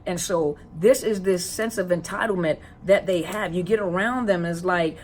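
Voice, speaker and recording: A woman's voice: on the low side, normal speed, few pauses, darkish tone, a little hiss or hum. A woman counselor giving a casual educational talk to viewers, conversational, with many rhetorical questions and repeated phrases. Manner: stalls with fillers while searching for words. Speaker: counselor and coach on narcissistic abuse.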